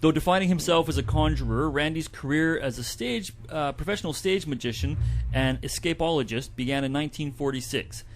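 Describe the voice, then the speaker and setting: A man's voice: a little high, a little fast, few pauses. A man co-hosting a community radio show, reading a report aloud with light asides. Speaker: co-host presenting a report.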